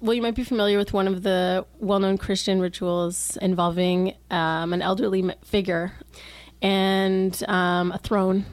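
A woman answering interview questions in a guarded, deadpan, secretive manner, hesitating with ums. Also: medium pitch, a little slow, dry recording. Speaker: anonymous interviewee.

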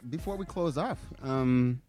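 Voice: mid-range voice, measured pace, dark tone. A podcast co-host in casual chat, agreeable and affirming.

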